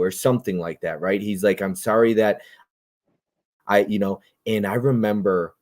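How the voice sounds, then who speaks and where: A man with a fairly low voice hosts a loose, casual movie chat on a livestream. He rambles and jokes, and every so often he breaks into loud impressions. His voice sounds dry and close. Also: no echo. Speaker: host.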